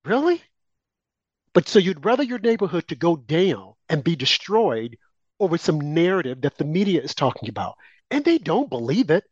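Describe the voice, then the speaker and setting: A man's voice: on the high side, sing-song, normal speed, slightly rough, no echo. A man co-hosting a political talk show, delivering emphatic, heated opinion commentary aimed at his co-host. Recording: dull, lo-fi and dry.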